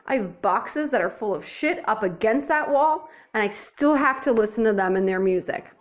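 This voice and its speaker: A young woman vlogger with a high-pitched, expressive voice goes on a furious rant to camera, swearing freely and speaking bluntly at a normal pace. She sounds exasperated the whole way through. She films herself on a handheld phone indoors in her apartment.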